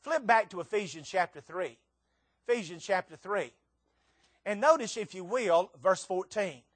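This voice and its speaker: A man preaching a sermon, swinging between loud emphatic lines and hushed, tender ones. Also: high-pitched, moderate pace, no echo. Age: 60s.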